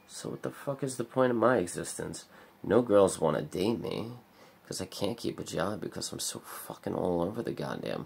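Low gravelly man, bleak rambling vlog. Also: a little hiss or hum. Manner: bleak, rambling, heavy swearing and filler words. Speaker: vlogger. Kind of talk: confessional vlog monologue.

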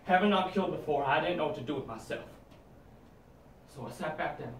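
Young man, dark dramatic monologue, hushed menace to loud shouts, competition performance, echoey room, distant mic. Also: on the high side, lively intonation, brisk, a little hiss or hum.

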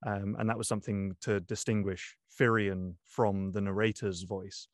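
Young man, audiobook narrator, low voice, dry close mic, thoughtful, hesitant. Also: little pitch movement, moderate pace, no echo. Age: young adult. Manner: thoughtful, many ums and restarts. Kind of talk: interview guest, casual talk.

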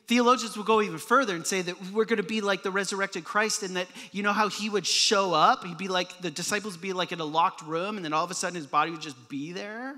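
A male pastor preaches in a relaxed, joking way, tossing in quick asides and little sound effects. His voice sits high and sounds crisp and bright. The sermon rings out with the long reverb of a church hall. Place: church sanctuary.

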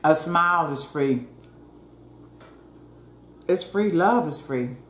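Her voice is low but animated, and she takes her time as she eats on camera. Chatting with viewers in a folksy manner, this female mukbang host murmurs "mm" mid-chew, recorded with roomy echo and faint ambience.

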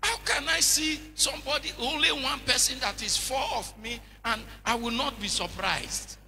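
High, bright-voiced preacher. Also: male voice, normal speed, gravelly, faint music behind. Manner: animated, humorous storytelling, rhetorical questions. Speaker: bishop, preacher. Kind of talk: sermon.

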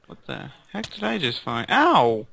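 A man's voice: medium pitch, wildly swooping pitch, a little slow, vocal fry, pushed and bright, dry recording. A man chatting casually while playing a block-building game with friends, laid-back with goofy comebacks. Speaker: gamer. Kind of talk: casual gameplay chat.

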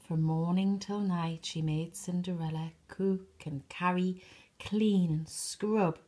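A woman reading a bedtime story for toddlers in a soft, expressive way, sometimes dropping to a whisper. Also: deep voice.

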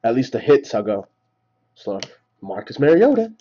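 A man hosting a live card break, calling out each card and getting excited over big pulls. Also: mid-range voice, normal speed, lo-fi sound. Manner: rattles off names, excited at big hits. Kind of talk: live card-opening commentary.

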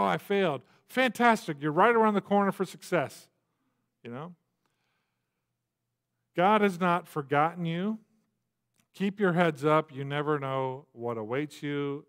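Pastor with a chatty, animated preaching style. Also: male voice, on the high side, unhurried. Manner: conversational preaching with frequent fillers and asides. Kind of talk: sermon. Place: church.

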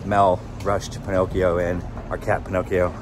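A man's voice: low voice, level tone, moderate pace, background noise. A middle-aged man hosting a casual vlog, chatty and joking. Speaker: vlog host.

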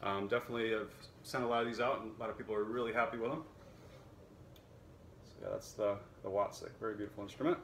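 A man who teaches and sells violins, talking casually to camera in a relaxed, chatty way with plenty of fillers. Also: lowish voice, fast, pauses often, noisy background. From United States.

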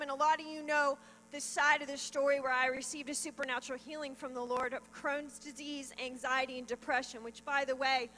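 High, bright woman giving a testimony. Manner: emotional, earnest storytelling. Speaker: pastor's wife giving testimony. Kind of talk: testimony sermon. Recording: long hall reverb with mains hum.

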